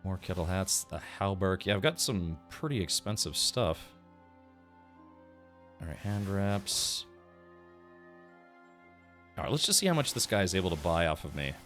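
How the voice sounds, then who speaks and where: A man's voice: low voice, big pitch swings, measured pace, pauses often, a bit bright, soft background music. A man streaming a game, chatting casually, thinking aloud and answering his chat. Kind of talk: casual gameplay commentary.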